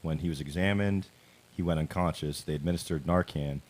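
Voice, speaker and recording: A man co-hosting a casual talk show who explains a news story to the panel in a halting way, with many pauses. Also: extremely low pitch, a little mellow. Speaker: co-host. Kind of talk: casual chat, summarizing the news.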